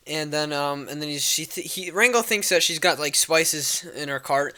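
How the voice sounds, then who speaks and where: A man's voice: on the high side, a little fast, few pauses, pushed and bright, smooth. A young man casually recapping a movie plot, rambling with lots of fillers and swearing. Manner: rambling, filler-heavy and profane. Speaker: vlogger.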